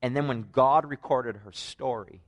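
A man's voice: mid-range voice, normal speed. A man with a Canadian accent preaches a conversational sermon, telling stories with joking asides. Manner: animated storytelling, joking asides.

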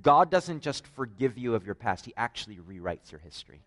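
A man's voice: medium pitch, fairly quick. A man with a Canadian accent preaches a conversational sermon, telling stories with joking asides. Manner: animated storytelling, joking asides.

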